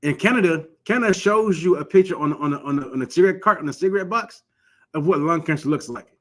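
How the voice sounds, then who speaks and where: A somewhat high-voiced man from Michigan teaching scripture in an easy, informal way. He presses his points earnestly, repeating words as he restarts his sentences. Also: fast talker. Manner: earnest, exhortative, frequent restarts. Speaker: religious law teacher.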